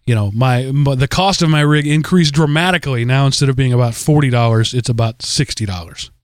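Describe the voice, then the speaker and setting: A man's voice: mid-range voice, fairly quick, smooth, no echo, studio quality. A man hosting a podcast in a casual, rambling way, with many restarts. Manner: rambling, full of restarts and fillers. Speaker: podcast host.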